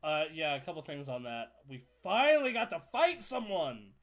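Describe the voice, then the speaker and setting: A man co-hosting a casual gaming podcast, telling stories with animated energy, laughing and swearing freely. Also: fairly high pitch, normal speed. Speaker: podcast co-host and streamer.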